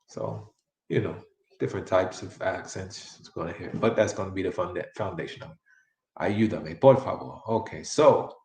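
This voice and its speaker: A man's voice: sits low, normal speed, creaky, a little mellow, reverberant, rough recording. A man teaching a live-streamed Spanish lesson, chatty and repeating each phrase many times for practice.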